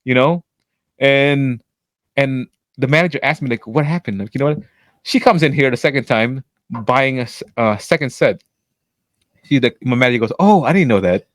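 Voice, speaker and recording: A man co-hosting a podcast, telling a workplace story in casual chat, acting out quotes and cursing freely, with a voice he calls always loud. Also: moderate pace, pauses often, no echo. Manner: animated, acts out quotes with big pitch jumps and profanity; says his voice is always loud. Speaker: podcast co-host.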